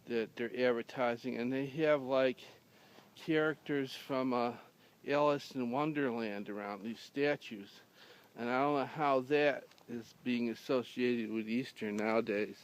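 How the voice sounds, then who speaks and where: A man's voice: mid-range voice, unhurried, clear, resonant tone. A man telling a rambling humorous story in a dry, casual way, with many fillers and restarts. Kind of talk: casual deadpan anecdote telling.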